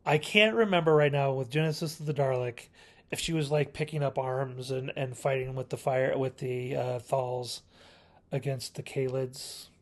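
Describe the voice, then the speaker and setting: A man's voice: medium pitch, steady tone, normal speed. A man hosting his own video channel, giving a casual, rambling review of a classic TV serial, often correcting himself and chuckling.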